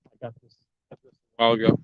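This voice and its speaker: A man's voice: racing, a little hiss or hum. A man hosting a casual live chat outdoors while gardening, rambling and restarting as he talks straight to his viewers on a lapel mic. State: out of breath. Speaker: channel host. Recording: dull, dry lo-fi sound.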